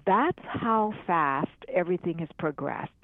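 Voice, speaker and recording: A woman's voice: fairly low pitch, animated, unhurried, no room sound. An older woman chatting as a podcast guest, upbeat and talkative, with frequent laughs. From United States. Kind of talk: casual interview chat. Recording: tinny phone line.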